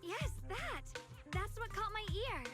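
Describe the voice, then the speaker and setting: A young female sword fighter talks in a high, youthful voice. She sounds earnest and a little on edge. Game music plays clearly behind her. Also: big pitch swings, slow pace, heavily acted. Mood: anxious. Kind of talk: video game character dialogue.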